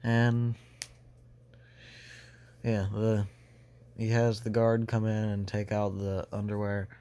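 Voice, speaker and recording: A man's voice: lowish voice, completely flat delivery, slow pace, mellow, clean tone. A young man casually retelling a fan story, rambling with many fillers and restarts.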